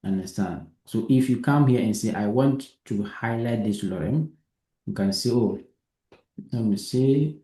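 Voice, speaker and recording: A man runs a hands-on coding lesson, patiently explaining and asking again and again whether it is understood. His voice sits low and mellow. The room around him adds a noticeable echo. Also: measured pace. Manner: patient, repeats himself and checks understanding. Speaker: coding teacher.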